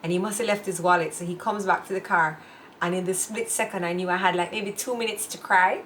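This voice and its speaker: A woman with a Jamaican accent chatting casually as a podcast co-host, telling stories in an animated way and acting out other people's voices. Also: lowish voice, fast talker, slight background noise. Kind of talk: casual chat.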